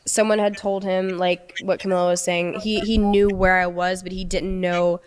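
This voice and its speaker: A young woman recounting a personal story in a casual, halting way, often restarting her sentences. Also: lowish voice, flat delivery, clear, resonant tone. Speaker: storyteller recounting a past relationship.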